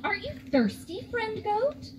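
A woman's voice: extremely high pitch, very animated, measured pace, over a noisy crowd, voice pushed up, exaggerated voice. A woman voicing a crafty, sly male fox in a spoken children's story, sweet-talking and smug.

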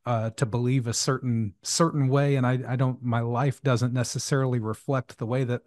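A male podcast host speaking in a halting, reflective way, often repeating words as he thinks. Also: medium pitch, level tone, a little mellow, dry recording, studio quality. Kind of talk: casual interview chat.

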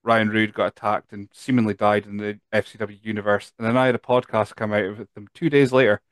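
A man's voice: fairly low pitch, level tone, brisk, no room sound. A Scottish man hosting a podcast, chatty and tired, reading out listener questions with lots of fillers. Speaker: podcast host. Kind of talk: casual chat.

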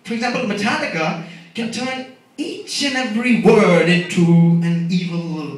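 A young man doing a stand-up comedy set, animated and sarcastic as he rants. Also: high-pitched, normal speed. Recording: echoey, distant, noisy live recording.

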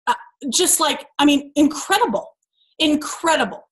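A woman's voice: high voice, lively intonation, moderate pace. A woman in her thirties giving an earnest, preachy motivational talk to her sales team, full of emphatic rhetorical questions. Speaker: team call speaker.

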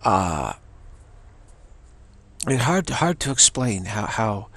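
A man giving a casual personal testimony, halting often and repeating words as he goes. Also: lowish voice, sing-song, fairly bright tone.

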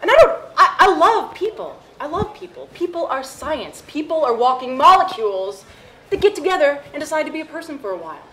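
A man's voice: extremely high pitch, sing-song, a little fast, bright, forceful tone, full character voice. An actor playing an unhinged male inmate who talks manically and threatens while laughing, in a sketch comedy monologue. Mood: manic threatening.

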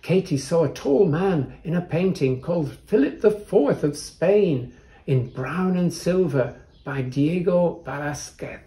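A man reading a picture book aloud to children, gentle and showing the pages. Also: a little high, animated. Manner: gentle, unhurried, shows the pages. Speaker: storyteller.

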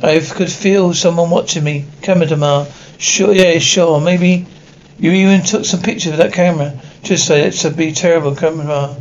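A man reading a script aloud, sound cues included, in a flat, halting way that trips over words. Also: fairly high pitch. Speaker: script reader. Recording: dull lo-fi audio with faint hiss.

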